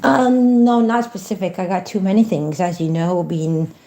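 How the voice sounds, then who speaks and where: A woman's voice: lowish voice, fairly even intonation, moderate pace, warm tone. A woman livestreaming from home in a folksy, chatty manner, talking to her viewers and to a phone voice assistant. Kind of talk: casual livestream chat.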